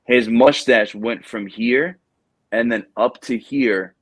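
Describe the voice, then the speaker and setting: A man hosting a podcast, telling a story in a casual, lively way and acting out the people in it. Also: mid-range voice, takes it slowly, breathy edge, dry recording. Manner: animated storyteller, acts out quoted people. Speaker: podcast host.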